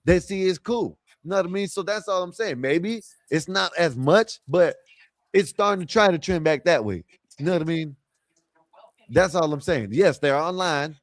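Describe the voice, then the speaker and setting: A man's voice: fairly high pitch, expressive, moderate pace, no room sound. A man hosting a casual panel talk, rambling through his point and checking in with his listeners again and again. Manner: rambling, keeps asking "you know what I mean".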